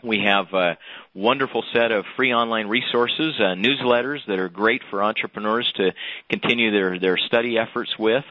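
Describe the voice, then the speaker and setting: A man, a guest, explaining ideas in a measured, earnest way over dull lo-fi audio. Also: lowish voice, no echo. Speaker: business author, guest. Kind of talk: interview answer. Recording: dull dry lo-fi remote audio.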